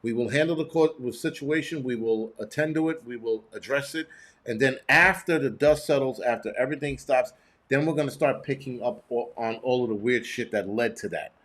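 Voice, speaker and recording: A man's voice: medium pitch, fairly quick, a bit bright. A man hosting a prepping show, giving blunt, profane, rambling live-stream commentary and reading chat messages aloud.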